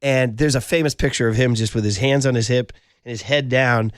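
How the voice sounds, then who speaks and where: A man's voice: mid-range voice, fairly quick, dry recording. A middle-aged man hosting sports talk radio in a studio, telling stories with lots of fillers. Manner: animated storytelling, frequent fillers.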